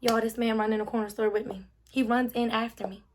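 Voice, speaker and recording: A young woman telling a storytime vlog, emphatic and animated, acting out the quotes. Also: fairly high pitch, fast talker, a little hiss or hum. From Philadelphia. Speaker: vlogger.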